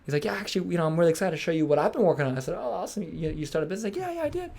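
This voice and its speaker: A man's voice: on the high side, vocal fry. A young man hosting a podcast, telling a story in casual chat, acting out quotes and swearing freely. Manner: fast, animated, swears freely, acts out quotes. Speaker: podcast host.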